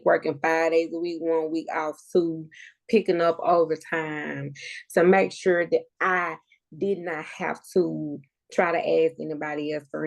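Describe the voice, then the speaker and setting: A woman's voice: low-pitched, gravelly, darkish tone. A woman in her thirties, a podcast guest, sharing a heartfelt personal story and talking close to tears. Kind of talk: emotional personal conversation.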